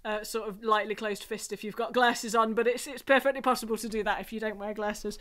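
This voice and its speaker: A woman with a Scottish accent leading a singing group's online warm-up, gentle and encouraging with light laughs. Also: mid-range voice, steady tone, a little fast. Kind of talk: online vocal warm-up class. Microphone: home recording for video.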